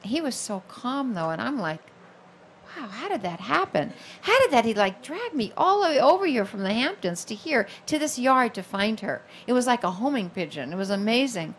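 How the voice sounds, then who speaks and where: A woman in her fifties, an author telling a personal story in an animated, expressive way, acting out the voices of people she quotes. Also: a little high, a little fast, hardly any pauses, a little hiss or hum. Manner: expressive, acts out quoted voices, many fillers.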